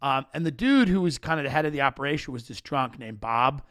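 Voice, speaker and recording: A man hosting a comedy podcast, telling stories in animated rants with frequent restarts. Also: medium pitch, fast.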